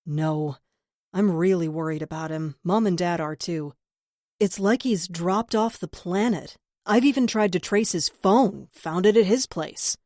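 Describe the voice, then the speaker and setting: A woman's voice: low voice, steady tone, moderate pace, mellow, dry recording, clean studio sound, close to an everyday voice. A woman voicing a worried male cop. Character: troubled male cop, worried about his brother.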